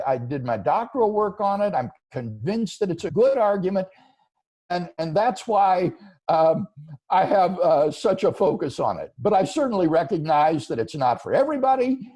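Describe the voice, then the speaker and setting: A man, a philosopher, answering viewer questions in an interview, earnest and explanatory. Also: sits high. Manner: earnest, explanatory, lively rising and falling delivery.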